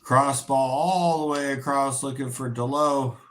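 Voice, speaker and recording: His mid-range voice is steady and a little slow as he commentates a football match on a casual livestream watch-along. He's tired and yawning, yet he chants, swears freely and erupts into shouts on goals.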